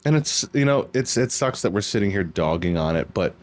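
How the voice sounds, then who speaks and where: Earnest, fairly low-voiced man talking faith. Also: a little fast. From United States. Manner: earnest, animated storytelling with restarts. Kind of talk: casual faith chat.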